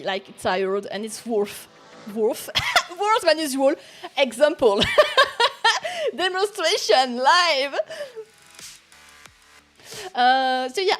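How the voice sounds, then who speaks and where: A young woman streamer, not a native English speaker, chatting casually with lots of giggles and restarts. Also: fairly high pitch. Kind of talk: casual chat.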